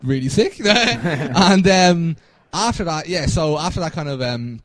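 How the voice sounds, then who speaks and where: A man's voice: on the high side, animated, a little slow, dry recording. A young man co-hosting a podcast, rambling and laughing through a casual story with lots of fillers. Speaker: podcast co-host.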